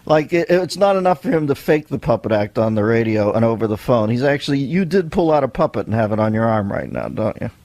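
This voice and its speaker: A man hosting a radio show, chatting with a guest in an amused, quick way. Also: medium pitch, animated, a little mellow, no room sound. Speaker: radio host. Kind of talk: radio interview banter.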